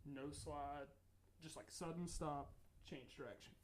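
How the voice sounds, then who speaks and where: A young man from North Carolina, co-hosting a podcast and telling a rambling, animated ghost story with lots of restarts. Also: on the high side, unhurried, a little hiss or hum. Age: young adult. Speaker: podcast co-host. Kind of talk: casual chat, storytelling.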